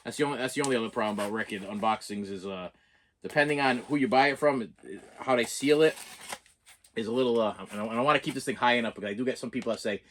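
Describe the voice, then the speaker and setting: A man's voice: medium pitch, racing, a little hiss or hum. A man with a Boston accent chatting casually through an unboxing, rambling and self-deprecating, with frequent restarts. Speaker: collector vlogger.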